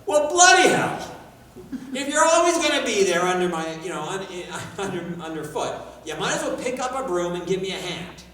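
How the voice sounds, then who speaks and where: Man doing a gruff custodian with a brogue. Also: sits high, sing-song, moderate pace, fairly bright tone, voice pushed up. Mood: exasperated. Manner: rough, exasperated bark. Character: gruff good-hearted male school custodian, brogue. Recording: echoey hall, far mic.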